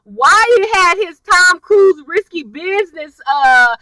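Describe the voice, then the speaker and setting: A woman tells her viewers what happened in an episode, animated and chatty. Her voice sits high and sounds very bright and sharp. She is a little distant from the mic in a dry room. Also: slow pace, no echo. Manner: animated, chatty storytelling, addresses viewers directly. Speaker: TV episode reviewer. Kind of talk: casual episode recap to viewers.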